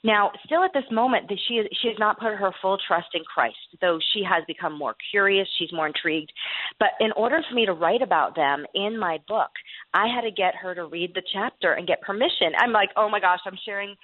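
A woman's voice: mid-range voice, a little fast, dry recording. Woman guest on a tinny phone line. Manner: earnest storytelling with laughs. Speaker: guest author. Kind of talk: faith interview.

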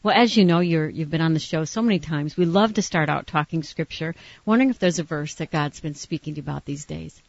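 A woman's voice: sits low, fast, vocal fry, hardly any pauses, dry recording. A woman hosting a faith talk show, speaking in an affirming way to her guest and laughing easily. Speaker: host. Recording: dry, slightly muffled studio recording.

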